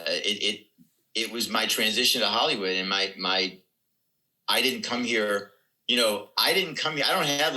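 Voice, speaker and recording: Older man with a sharp, tense voice. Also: fairly low pitch, low-quality recording. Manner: rambling anecdotes with quoted dialogue. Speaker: comedian guest. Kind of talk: casual storytelling on a podcast.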